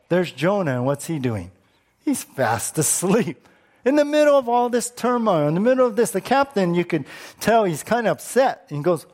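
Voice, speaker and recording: A man preaching a sermon in an easygoing, conversational way. His voice sits a little high and moves up and down a great deal. He keeps asking his listeners questions. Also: darkish tone. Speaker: pastor.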